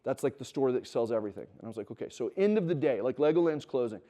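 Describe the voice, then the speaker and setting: Talking very fast in a medium-pitched voice, a middle-aged man gives students a conversational sermon in a teaching room at a Christian wilderness school. Through stories and acted-out dialogue, he works up to animated emphasis.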